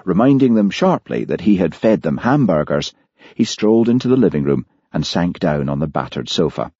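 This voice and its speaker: Deep, husky male audiobook narrator. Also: big pitch swings, warm tone, no echo. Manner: measured storytelling. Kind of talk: scripted narration. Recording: dull lo-fi audiobook recording.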